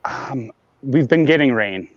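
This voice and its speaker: A man chatting casually on a live stream, rambling and repeating words, high and talking with a blunt in his mouth. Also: expressive, unhurried, dry recording, dull audio. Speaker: grower showing plants on a live stream.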